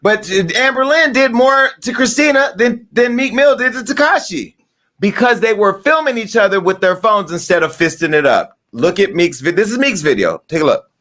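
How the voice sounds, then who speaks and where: A male host with a high voice, rambling through a gossip show. He is brash and loudly profane, spinning stories with cutting asides. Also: animated, moderate pace. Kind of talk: casual gossip show monologue.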